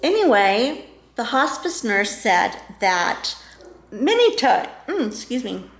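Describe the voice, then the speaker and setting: A woman's voice: a little high, big pitch swings, slow pace. A middle-aged woman vlogger telling a story in a casual, emotional way, rambling with many restarts and fillers. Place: home room. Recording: echoey room.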